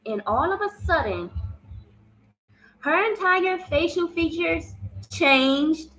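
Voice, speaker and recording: A woman's voice: very high voice, lively intonation, slow, a bit bright, rough recording. A woman telling a personal story in a casual vlog, swearing freely and often repeating herself. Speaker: vlogger.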